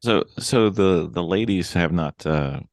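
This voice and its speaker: A man's voice: deep voice, a little slow, a little mellow, dry recording, clean studio sound. A man hosting a podcast, making wry joking asides in a casual chat. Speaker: podcast host.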